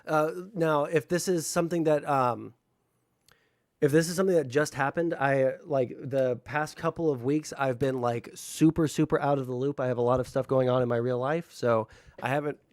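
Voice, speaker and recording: A man's voice: mid-range voice, steady tone, moderate pace, no room sound, studio quality. A man livestreaming and chatting casually with his viewers, rambling with lots of fillers and swearing freely. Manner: talks to chat, unfiltered.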